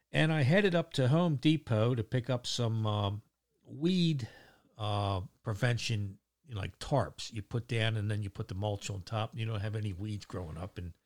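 A middle-aged man telling a casual, rambling story about his day, full of fillers and casual swearing. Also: fairly low pitch. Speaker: vlogger.

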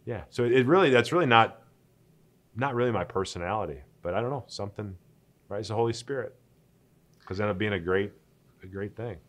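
A former pro athlete in his forties telling stories in an interview, lively and acting out the people he quotes. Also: fairly low pitch, a little fast, pauses often. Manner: animated, laughing, acting out quoted dialogue. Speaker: interview guest, former pro football player. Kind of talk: conversational storytelling.

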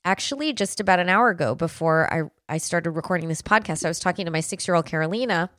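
Woman, 40s, podcast host; earnest conversational storyteller, lower register, dry close-miked sound. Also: expressive, fast, fairly bright tone, dry recording. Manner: earnest storytelling with frequent restarts. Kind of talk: casual podcast monologue.

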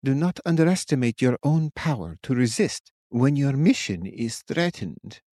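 A man's voice: mid-range voice, normal speed, darkish tone, no room sound, studio quality, pitched above the performer's own voice, natural voice. A man voicing a commanding female witch in an audiobook, speaking with cold certainty. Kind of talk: audiobook character voice.

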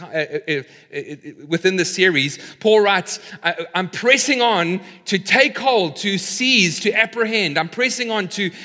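Bright-voiced male pastor in an echoing hall. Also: fairly high pitch. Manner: conversational, lightly humorous preaching. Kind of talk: sermon.

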